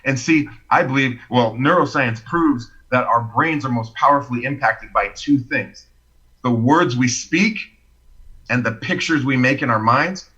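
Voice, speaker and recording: A man telling his personal story as a podcast guest, expressive and animated, acting out the quotes. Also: mid-range voice, a little slow, husky, muffled recording.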